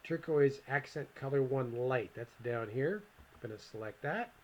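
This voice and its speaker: Male instructor, mid-pitched voice, casual screencast walkthrough, slightly muffled lo-fi recording. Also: normal speed. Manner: casual, talks to himself while clicking; joking asides to viewer. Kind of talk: screencast software tutorial.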